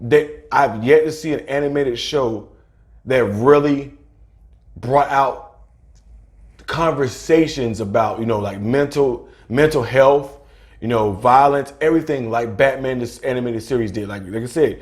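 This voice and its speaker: A man's voice: mid-range voice, unhurried. A man in his thirties co-hosting a podcast, chatting casually over drinks, rambling, restarting sentences and hunting for words. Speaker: podcast co-host.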